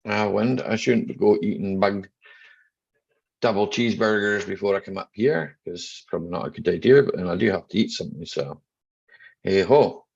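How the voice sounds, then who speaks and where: A man's voice: on the low side, normal speed, gravelly, a little mellow, breathy edge, dull audio. A man hosting a casual live stream chat, greeting viewers one by one by name in a chatty, easygoing way. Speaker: livestream host.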